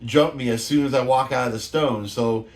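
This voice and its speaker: A man's voice: medium pitch, steady tone, moderate pace. A man in his fifties from the San Francisco Bay Area, hosting a show and telling loose, profane stories with plenty of laughs. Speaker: show host. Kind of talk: casual storytelling monologue.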